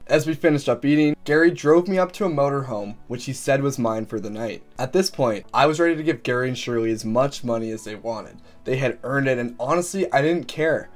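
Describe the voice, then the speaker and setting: A young man from Canada narrating his own travel story in a scripted, earnest and upbeat voice-over. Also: mid-range voice. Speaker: vlogger.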